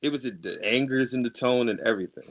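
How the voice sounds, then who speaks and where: A man's voice: medium pitch, fast. A man co-hosting a podcast, telling a long personal story in casual chat, acting out the arguments and laughing often. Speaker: podcast co-host.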